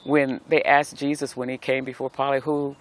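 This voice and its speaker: A man's voice: mid-range voice, little pitch movement, moderate pace. A middle-aged man giving a devotional talk outdoors, speaking as a pastor with a preacherly cadence and repeated phrases. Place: outdoors in nature.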